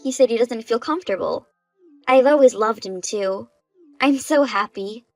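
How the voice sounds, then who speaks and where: A young bride-to-be voiced by a woman talks in a smug, untroubled way. Nothing seems to shame her. Soft music plays behind. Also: fairly high pitch, moderate pace, dry recording, natural voice, low-quality recording. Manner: smug, unbothered.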